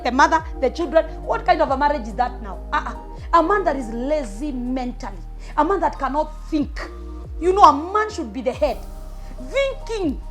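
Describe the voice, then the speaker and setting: A woman giving sermon-style relationship advice as a prophetess, emphatic and punchy, slipping in Swahili phrases and repeating short commands. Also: sits high. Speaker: prophetess preacher.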